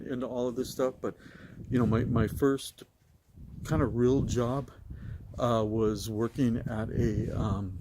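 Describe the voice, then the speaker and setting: A man's voice: medium pitch, mellow, a little hiss or hum. A middle-aged man telling his own story in a casual, rambling way with many fillers and restarts.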